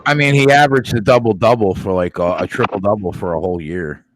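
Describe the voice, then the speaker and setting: A man in an easygoing sports chat who stays calm and measured. He reads out trade updates in a steady, plain voice and answers the other host's rants without raising it. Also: fairly low pitch, poor audio. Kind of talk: casual sports betting chat.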